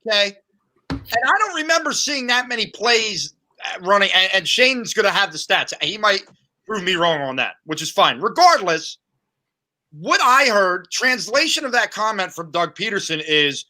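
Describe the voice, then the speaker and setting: A man co-hosting a sports podcast, talking in an animated, sarcastic, conversational way. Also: high voice, normal speed. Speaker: podcast co-host. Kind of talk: opinionated sports podcast talk.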